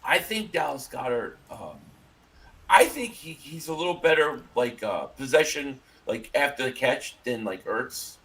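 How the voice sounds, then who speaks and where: A man's voice: mid-range voice, lively intonation, measured pace, a bit bright. A man co-hosting a casual sports podcast livestream, joking loosely and often restarting his sentences. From Italian-American. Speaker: podcast co-host.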